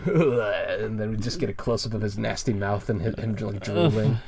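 Low-voiced guy rambling, lots of uhs and laughs, casual chat. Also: normal speed, few pauses, a little mellow, breathy edge. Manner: rambling, hesitant, laughs often. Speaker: co-host reviewing a web comic.

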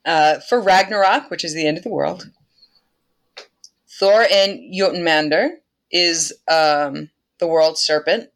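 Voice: mid-range voice, takes it slowly, fairly bright tone. A podcast host casually retelling a myth in an irreverent way, laughing often and swearing now and then.

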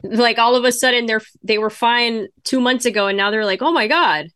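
A woman's voice: a little high, fairly even intonation, brisk, a bit bright, dry recording, clean studio sound. A woman co-hosting a podcast in casual chat, thinking aloud as she goes. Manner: chatty, thinks aloud while browsing ticket sites. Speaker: podcast co-host.

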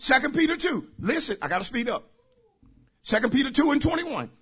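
A male pastor preaching a sermon, shouting out points and laughing along with his congregation. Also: very high-pitched, lively intonation, brisk, slightly rough.

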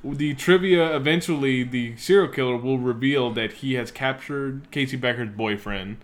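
A man's voice: medium pitch, moderate pace. Laid-back man chatting about movies. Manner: chatty, laughs often, swears freely. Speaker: podcast co-host. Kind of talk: casual movie review chat.

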